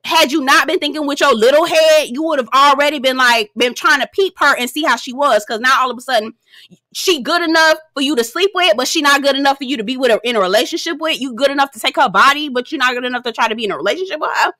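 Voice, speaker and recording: Young woman, blunt and sassy recapper, higher voice, dry close sound. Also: fast talker, sharp tone, no room sound. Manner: sassy, blunt and profane, laughs often; chatty, speaks straight to viewers. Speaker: reality show recapper. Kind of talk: casual commentary recap.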